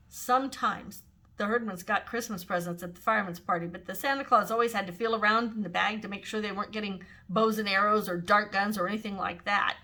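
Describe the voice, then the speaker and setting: An older woman reading a children's novel aloud in an expressive, animated way. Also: medium pitch, brisk. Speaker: storyteller.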